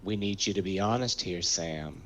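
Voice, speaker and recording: A man in an improv comedy scene speaking in a deadpan way. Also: deep voice, moderate pace, pitched below the performer's own voice. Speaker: improv performer.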